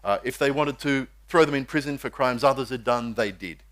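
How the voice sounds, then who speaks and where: A man's voice: medium pitch, brisk, a bit bright. A man preaching a sermon, telling a story and acting out the voices of its characters.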